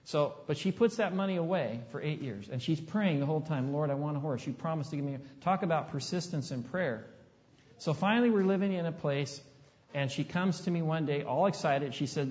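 Folksy pastor in a reverberant hall. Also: male voice, fairly high pitch, expressive, fairly quick, darkish tone. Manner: folksy, conversational, asks the audience questions. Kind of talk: storytelling sermon. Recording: dull, long hall reverb.

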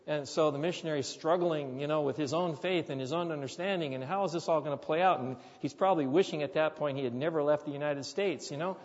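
Guy preaching, tells stories big with loud quoted bits, slightly high voice, dull echoey hall sound. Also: fast talker, hardly any pauses. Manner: animated storyteller, loud acted quotes, drops soft for asides. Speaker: pastor. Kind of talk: sermon storytelling.

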